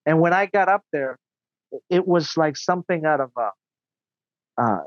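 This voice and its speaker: A man's voice: a little high, expressive, dry recording, muffled recording. A man as a podcast guest, recounting his story in an earnest, indignant way. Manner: earnest, indignant, quick asides. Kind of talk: casual interview storytelling.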